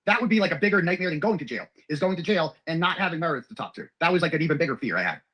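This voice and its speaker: A man telling a personal story at a rapid clip, rambling, profane and emotional. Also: on the high side, lively intonation, sharp tone, breathy edge, rough recording.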